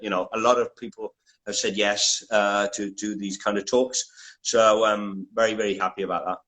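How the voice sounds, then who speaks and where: A man's voice: lowish voice, sharp tone, poor audio. Italian-accented man hosting a video interview. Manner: hesitant, many restarts, switches to translate. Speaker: interview host. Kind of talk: casual online interview.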